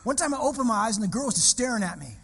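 A male pastor preaching, his voice pitched high and slightly husky. He talks in a relaxed, storytelling way that builds with emphasis and repeats his phrases. The sound carries a long hall reverb, like a sanctuary. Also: rapid-fire. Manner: animated, conversational, repeats phrases while telling a story. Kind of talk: sermon with personal storytelling.

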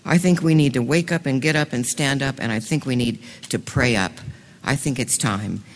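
A woman preaching a sermon with passion, her voice swelling loudly when she reads scripture. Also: a bass voice, normal speed. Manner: impassioned, swells loud on scripture lines. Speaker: women's ministry speaker. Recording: reverberant hall.

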